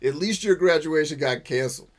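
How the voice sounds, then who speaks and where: A man's voice: a little high, fairly quick. Foul-mouthed joking man streaming a game. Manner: profane, joking, self-mocking. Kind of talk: live gameplay commentary reading chat.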